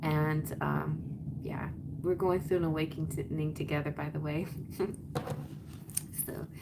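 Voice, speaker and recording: A woman's voice: low-pitched, flat delivery, moderate pace, gravelly, very noisy. Chatty woman giving a live tarot reading. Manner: chatty and rambling, with frequent laughs and playful sing-song voices. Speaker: tarot reader hosting a live stream.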